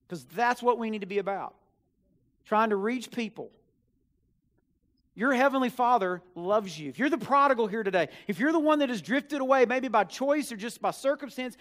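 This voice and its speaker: A young man with a notably high voice preaches to a congregation, earnest and pleading. He pushes hard on key words and then drops to hushed asides. The sound is a church sermon. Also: expressive, normal speed, long pauses. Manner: earnest, pleading, swings between loud emphasis and hushed asides. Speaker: student minister. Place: church sanctuary.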